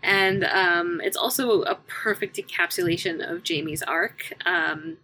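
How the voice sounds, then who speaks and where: A woman's voice: lowish voice, measured pace, pushed and bright, husky, poor audio. A woman guest on a podcast, chatting enthusiastically with hesitant fillers. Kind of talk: casual chat.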